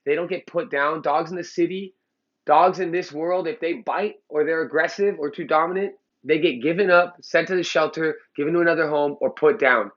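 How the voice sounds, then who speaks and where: A man's voice: on the high side, moderate pace, fairly bright tone, muffled recording. A man who trains dogs, lecturing bluntly to the camera in a heated, profane way. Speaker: dog trainer. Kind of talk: blunt opinionated talk to camera. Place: Los Angeles.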